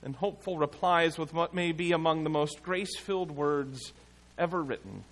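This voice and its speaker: A man preaching a sermon as pastor, in a measured, emphatic way with dramatic pauses. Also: a little high.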